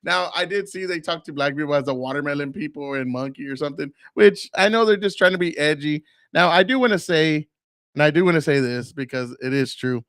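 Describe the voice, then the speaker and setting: A man's voice: fairly high pitch, a little fast, a bit bright, dry recording, studio quality. A man in his forties hosting a casual solo podcast, rambling and swearing freely between fillers, with a lingering cough. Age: 40s. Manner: loose, profane, rambling with many fillers. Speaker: podcast host.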